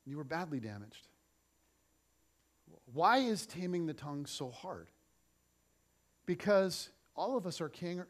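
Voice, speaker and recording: Animated pastor, a man with a higher voice. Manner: animated, swings between loud and soft. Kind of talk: sermon with personal storytelling. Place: church.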